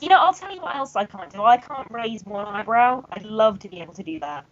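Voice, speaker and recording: A woman's voice: fairly high pitch, lively intonation, brisk, highs cut off. A woman co-hosting a podcast in casual chat, making dry, blunt remarks. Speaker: podcast co-host.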